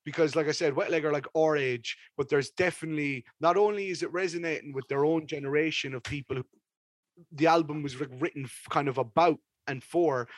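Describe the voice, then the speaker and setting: Rambling, high-voiced podcast host. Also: male voice, a little fast, no room sound. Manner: rambling and animated, with casual swearing. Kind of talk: casual music review chat.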